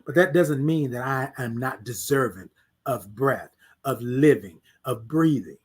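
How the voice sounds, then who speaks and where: A man hosting a morning livestream, giving a preachy, repetitive motivational talk and reading out viewer comments, moving between hushed words and loud emphatic bursts. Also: mid-range voice, a little slow, husky. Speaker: host.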